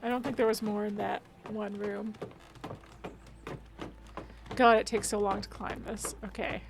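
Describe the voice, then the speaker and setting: A woman's voice: mid-range voice, little pitch movement, a little slow, gravelly, background noise. A woman streaming a video game, chatting to herself and chat as she plays and laughing often. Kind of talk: casual let's-play commentary.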